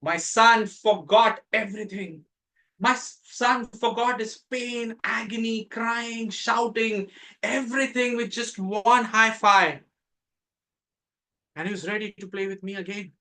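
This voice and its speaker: A middle-aged man from India with an Indian English accent, giving a prepared contest speech with dramatic pauses and emphatic rises. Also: sits high, fairly even intonation, bright, forceful tone, rough recording. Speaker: contest speaker. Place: club meeting room.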